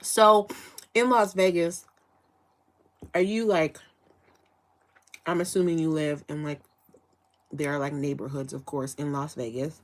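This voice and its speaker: A woman's voice: low-pitched, fairly even intonation, measured pace, long pauses. A woman from Chicago hosting a casual live chat, asking rambling questions with frequent restarts and fillers. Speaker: livestream host.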